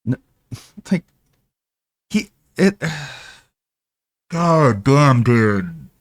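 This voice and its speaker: A man's voice: medium pitch, very animated, extremely slow, no room sound, studio quality. A man streaming reaction commentary, mocking another streamer with sarcastic, profane impressions.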